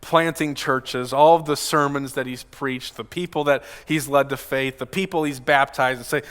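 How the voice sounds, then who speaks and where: A man's voice: on the high side, steady tone, moderate pace, hardly any pauses, fairly bright tone, big-room sound. A male pastor giving a casual, direct sermon at a pulpit microphone and often asking his congregation questions. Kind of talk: conversational sermon. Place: church sanctuary.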